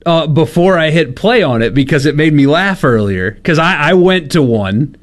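A man co-hosting a sports talk radio show, teasing and telling stories in a relaxed way. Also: a little high, normal speed. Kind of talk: casual studio banter.

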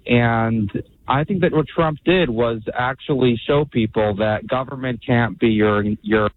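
A man's voice: medium pitch, a little slow. Young male caller on a tinny phone line. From New Jersey. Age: 20s. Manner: hesitant, rambling.

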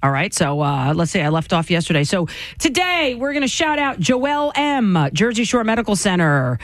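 A woman hosts a radio show and rattles through a list in a brisk, matter-of-fact way. Her pitch moves lively and the sound is dry and close. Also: no room sound. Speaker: radio host. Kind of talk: radio show hosting and segment reading.

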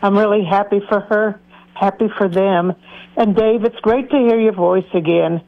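A woman's voice: medium pitch, steady tone, normal speed. Effusive woman caller on a dull line. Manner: warm, gushing, effusive. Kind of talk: phone-in call.

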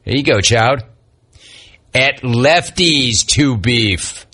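A man's voice: mid-range voice, lively intonation, extremely slow, pushed and bright, slightly rough. A man hosting a sports talk show, reading listener messages aloud and wisecracking about each one.

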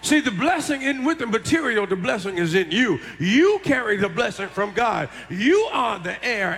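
A man preaching a sermon with passion, often shouting and repeating phrases to the congregation. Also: high voice, big pitch swings, moderate pace, creaky, hardly any pauses, breathy edge. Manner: impassioned preaching, frequent shouts and repetition. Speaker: pastor.

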